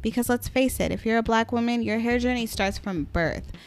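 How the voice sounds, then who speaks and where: A young woman hosting a casual podcast, raspy and getting over a cold, chatty and casually swearing as she talks to her listeners. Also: on the high side, a little fast, soft background music. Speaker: podcast host.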